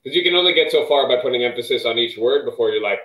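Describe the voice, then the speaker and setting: A male voice actor guest answering in a relaxed, thoughtful way on a video call. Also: mid-range voice, rapid-fire. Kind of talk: casual interview answer. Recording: roomy echo.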